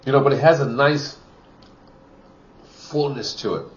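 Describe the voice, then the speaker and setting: A man's voice: mid-range voice, measured pace, muffled recording. A man giving a casual wine tasting review, chatty and full of "you know" fillers, from Wisconsin.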